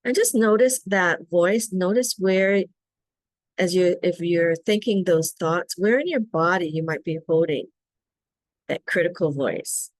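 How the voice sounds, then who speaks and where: A middle-aged woman with a lowish voice leads a guided self-care practice in a soft, coaxing way. She checks in with her listeners often. Her voice sounds close and dry. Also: measured pace, no room sound. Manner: gentle, coaxing, asks "right?" often. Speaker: wellness facilitator.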